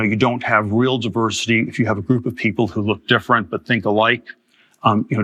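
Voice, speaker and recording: A man in his fifties giving a public lecture, talking haltingly with many restarts and repeated words. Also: mid-range voice, a bit bright. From Germany. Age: 50s. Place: lecture hall.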